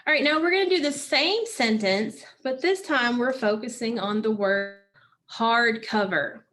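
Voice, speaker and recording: Slow, patient phonics teacher woman. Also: a little high, fairly bright tone, soft background music. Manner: slow, patient, asks and answers own questions. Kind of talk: phonics lesson for children.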